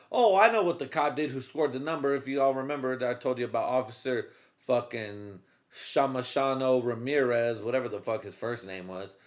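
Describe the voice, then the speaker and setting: Profane rambling comedic storyteller man. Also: mid-range voice. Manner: profane, rambling, acts out characters in loud bursts. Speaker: podcast host.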